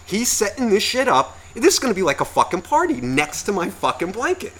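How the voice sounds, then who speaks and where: A man's voice: high-pitched, wildly swooping pitch, a little fast, a bit bright, husky. A man co-hosting a podcast, telling a long story in a profane, exasperated, ranting way. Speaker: podcast co-host.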